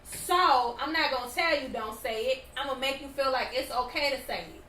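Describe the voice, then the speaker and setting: A woman with a high, bright voice co-hosts a casual chat, animated and opinionated as she makes her case. She sits back from the mic in a roomy, echoey space with a faint ambient hum. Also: fairly quick, far from the mic. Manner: opinionated, animated, often acts out quotes. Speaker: podcast co-host.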